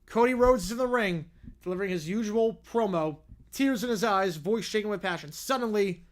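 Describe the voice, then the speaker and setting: Male stream host, high voice, reads viewer stories with quick asides. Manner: quick, animated reading with asides. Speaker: livestream host. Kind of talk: reading viewer stories with commentary.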